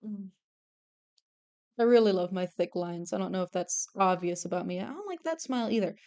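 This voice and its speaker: A young woman streamer chatting casually while she draws, excitable and swearing freely. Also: mid-range voice, moderate pace. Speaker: artist streamer. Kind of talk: casual chat while drawing.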